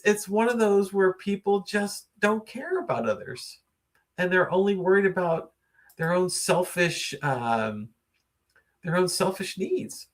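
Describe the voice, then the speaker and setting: Male stream host, casual late-night chat, meandering delivery full of ums, lively up-and-down pitch. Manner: rambling and musing, with many fillers; reads viewer comments aloud and greets viewers.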